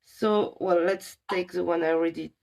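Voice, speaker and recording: A young adult woman from a library staff giving a casual live demo of apps, chatty and enthusiastic with many pauses. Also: fairly low pitch, steady tone, vocal fry, a little mellow.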